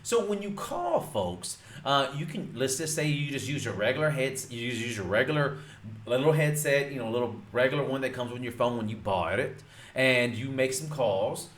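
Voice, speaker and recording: A man's voice: mid-range voice, expressive, moderate pace, fairly bright tone. A man teaching real estate wholesaling in casual talk, emphatic and repetitive, calling his viewers folks. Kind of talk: casual instructional talk to camera. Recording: roomy echo.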